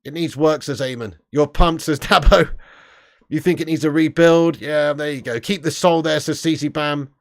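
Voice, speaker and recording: A man's voice: fairly high pitch, steady tone, moderate pace, no room sound, clean studio sound. A man hosting a casual live stream, chatting and laughing as he reads viewer comments aloud. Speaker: live stream host reading chat.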